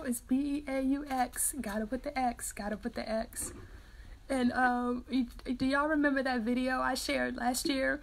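A woman's voice: fairly high pitch, fairly even intonation, normal speed, vocal fry. A woman hosting a morning Bible-reading livestream, chatting casually and reading out viewer comments, laughing often. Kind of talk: casual chat with live viewers.

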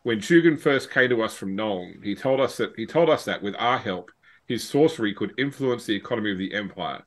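Brief: male game master voicing a scared middle-aged cultist, low voice, earnest and urgent. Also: animated, brisk, lightly acted, low-quality recording. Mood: pleading. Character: frightened middle-aged male cult member pleading for help.

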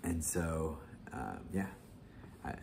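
A man's voice: low-pitched, steady tone, slow pace, creaky, background noise. A young man casually leading a Bible study, rambling with frequent restarts, laughs and tag questions. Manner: rambling, laughs often, many restarts and "right?".

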